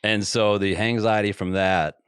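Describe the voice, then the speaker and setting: A man's voice: fairly low pitch, fairly even intonation, moderate pace, a bit bright, clear, resonant tone, dry recording, clean studio sound. A man hosting a podcast, telling a story with laughs and dropping to a whisper for asides. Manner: laughing anecdotes, drops to a whisper for quoted asides. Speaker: podcast host. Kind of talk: casual storytelling chat.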